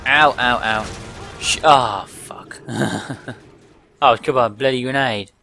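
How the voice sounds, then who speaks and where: An excitable man narrating his shooter gameplay, cursing and laughing at his own blunders. His pitch is middling, and the game's gunfire and engines roar clearly behind him. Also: slow. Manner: excitable, swearing, self-mocking. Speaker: gaming channel host. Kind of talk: gameplay commentary. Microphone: desk microphone. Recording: loud game sounds behind. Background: gunfire and vehicle noise from the game.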